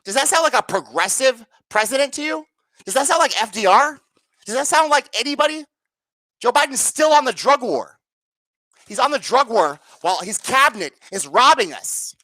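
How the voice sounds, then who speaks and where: A woman rants through a solo political commentary livestream, sarcastic and profane. Her pitch swings in lively arcs. She keeps throwing rhetorical questions at her viewers, and the sound is dry and close. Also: normal speed, no room sound.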